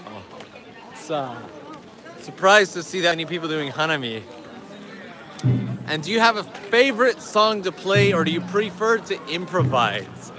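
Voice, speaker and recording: Chatty male livestream host, outdoors. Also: on the high side. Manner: chatty, answers viewer questions while walking. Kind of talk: casual live-stream chat. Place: outdoors in a park.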